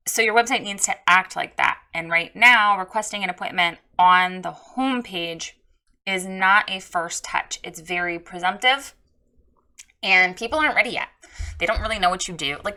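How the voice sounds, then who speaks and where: A woman's voice: medium pitch, sharp tone. A woman coaching a photographer on her website in a casual spoken critique, frank and direct.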